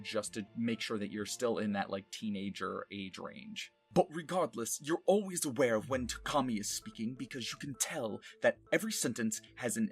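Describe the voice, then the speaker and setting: A man, a voice actor, talking casually about his past character voices in a relaxed, self-deprecating way with frequent laughs. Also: mid-range voice. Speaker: voice actor and streamer. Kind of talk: casual retrospective talk.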